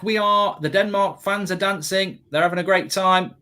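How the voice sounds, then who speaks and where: Brief: excitable male host, slightly higher voice, watchalong banter, trips over his words. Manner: excitable, quick restarts and self-corrections. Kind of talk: live football watchalong chat.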